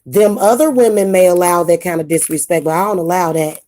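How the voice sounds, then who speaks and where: Blunt, indignant woman with a mellow voice. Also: lowish voice, fairly even intonation, a little fast. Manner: blunt, indignant, repeats herself. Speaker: spiritual advice vlogger. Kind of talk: casual ranting monologue to camera.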